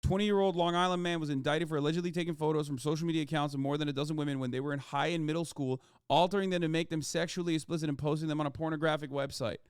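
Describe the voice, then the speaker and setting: A man's voice: fairly high pitch, fairly even intonation, very fast, few pauses, smooth, dry recording, studio quality. A man streaming live commentary, ranting heatedly and swearing often. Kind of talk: livestream commentary.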